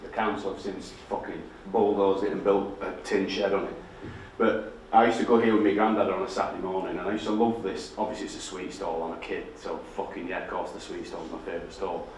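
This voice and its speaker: A man's voice: low-pitched, level tone, a little fast, darkish tone, distant mic, a little hiss or hum. A man with a Yorkshire accent giving a candid, sweary storytelling talk to an audience. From Barnsley, England. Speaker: guest speaker. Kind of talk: public talk. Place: large indoor lecture hall. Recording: echoey hall from afar.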